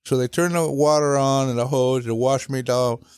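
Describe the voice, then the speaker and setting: Older man, storyteller, mid-pitched, dry close recording, acts out voices. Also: fairly even intonation, normal speed, a little mellow, smooth, no echo. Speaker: guest father telling stories. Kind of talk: storytelling chat.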